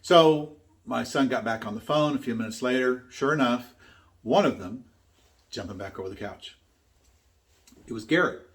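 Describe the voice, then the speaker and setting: A man's voice: mid-range voice, moderate pace, pauses often. An older man giving a motivational talk. He tells a story in an earnest, emphatic way and repeats his key points. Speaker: speaker teaching his own method.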